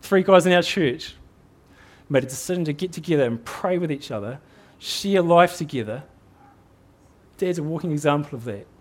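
Earnest New Zealand preacher, high-pitched man. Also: expressive, moderate pace. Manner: earnest, exhorting, repeats words as he builds. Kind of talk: sermon.

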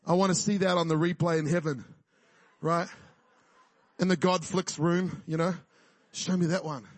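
Male preacher, high voice, dry close sound, casual humor. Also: steady tone, moderate pace, no echo. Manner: jokey, conversational preaching with frequent "right?" and laughs. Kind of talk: sermon.

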